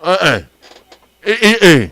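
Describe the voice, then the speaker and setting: A man's voice: sits high, big pitch swings, a little slow, bright, forceful tone. A man with an Antiguan accent hosting a radio show, chatting casually and reading out lunch specials with relish. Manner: chatty, chuckling, savoring the food aloud. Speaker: radio host.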